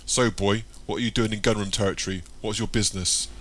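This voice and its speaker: Man reading as rough armed thugs, gruff, menacing, deep low voice. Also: fairly even intonation, fast talker, fairly bright tone. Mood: hostile. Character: rough, hostile armed gang men.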